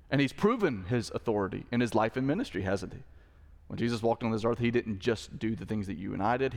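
Male pastor preaching in a reverberant hall. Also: medium pitch. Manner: emphatic, full of rhetorical questions. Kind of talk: sermon.

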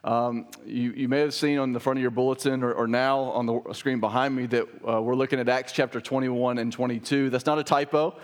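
A man's voice: mid-range voice, flat delivery, fairly quick, hardly any pauses. A man preaching a sermon as pastor, earnest and emphatic, pushing up on stressed key words. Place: church sanctuary.

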